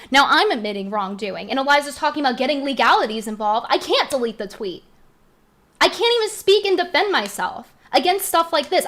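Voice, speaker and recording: A woman's voice: sits high, a bit bright. A young woman streamer delivering an upset, indignant rant, firing off rhetorical questions and repeating her points. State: upset, heated. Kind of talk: heated commentary rant.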